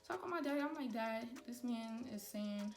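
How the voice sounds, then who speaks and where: A young woman telling a storytime to her viewers while doing her makeup, animated and talking straight to them. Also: fairly high pitch, moderate pace, roomy sound, distant mic, music in the background. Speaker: beauty vlogger.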